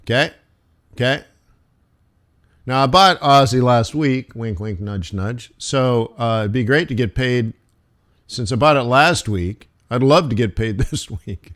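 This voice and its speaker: Man, live forex stream host, casual market commentary, animated, jokey, mid-pitched voice. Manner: animated, jokey, talks fast with laughs and asides.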